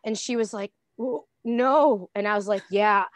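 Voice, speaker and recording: A woman's voice: mid-range voice, measured pace, dry recording. A woman guest on a podcast chatting casually, telling stories with lots of laughter and acting out what people said. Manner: giggly, animated storyteller acting out quotes. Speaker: guest, professional wrestler.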